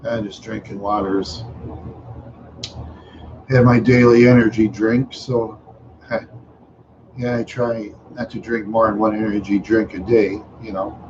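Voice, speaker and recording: Man, tired and yawning, slow rambling livestream chat, dull lo-fi audio, faint background hum. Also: on the low side, steady tone. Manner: rambling, unhurried, many fillers and trailing "you know". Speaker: livestream host. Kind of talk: casual livestream chat with viewers.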